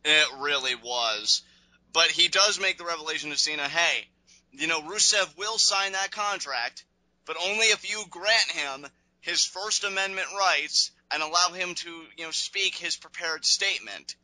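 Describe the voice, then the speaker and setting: Bright, opinionated man reviewing wrestling. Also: fairly high pitch, moderate pace, dry recording, low-quality recording. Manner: opinionated, sarcastic, rambling asides. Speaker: podcast co-host. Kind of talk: casual wrestling review chat.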